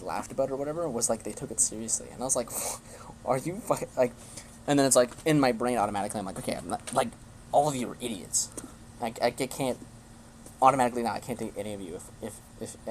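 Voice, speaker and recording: A man's voice: medium pitch, a little mellow. Young male streamer, blunt, swearing rant, faint hiss behind. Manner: blunt, swears often, restarts sentences. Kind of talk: casual rant to a live stream.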